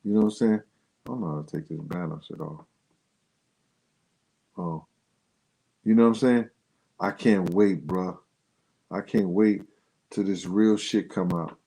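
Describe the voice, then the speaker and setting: A man's voice: measured pace, vocal fry, pauses often, dark tone, low-quality recording. A man hosting a casual livestream, talking loosely and in slang straight to his viewers, his voice jumping up when he gets worked up. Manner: pitch jumps up sharply when worked up. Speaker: livestream host.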